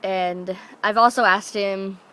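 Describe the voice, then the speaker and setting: A woman's voice: medium pitch, steady tone, takes it slowly, bright, forceful tone, smooth. A young woman from Alaska, telling rambling family stories to camera and slipping into voices for her relatives. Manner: chatty, rambling, slips into voices for family members. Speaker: vlogger. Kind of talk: casual storytelling to camera.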